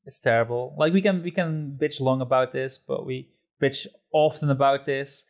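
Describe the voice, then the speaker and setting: A man's voice: mid-range voice, moderate pace. A man with an ordinary, mid-range voice hosts a casual podcast. He steers the conversation from topic to topic, agrees easily and laughs often between points. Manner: steering the talk, agreeable, with frequent laughs and fillers. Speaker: podcast host.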